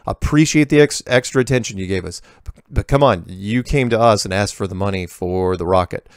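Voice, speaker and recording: A man with a low, gravelly voice talks off the cuff, reading viewer emails and commenting on them. He rambles, restarts his sentences and drops sarcastic asides. The sound is dry and close, with no room echo. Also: a little fast. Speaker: host answering viewer emails. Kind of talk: casual monologue reading emails.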